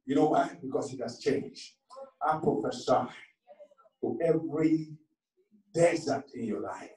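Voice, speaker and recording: A man's voice: medium pitch, a little slow, long pauses, dark tone. A man preaching a sermon with passion, calling on the congregation to answer him back. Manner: impassioned, calls for congregation responses. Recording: echoey hall from far off.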